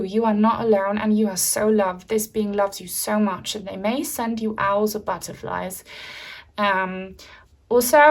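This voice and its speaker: Gentle rambling woman reading tarot. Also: mid-range voice. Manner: gentle, rambling, many fillers and soft laughs. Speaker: tarot reader. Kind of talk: pick-a-card tarot reading.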